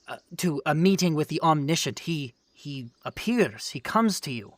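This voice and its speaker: A man's voice: fairly high pitch, lively intonation, moderate pace, hardly any pauses, no room sound. A man narrating a tabletop role-playing game as game master, talking loosely with many fillers and restarts.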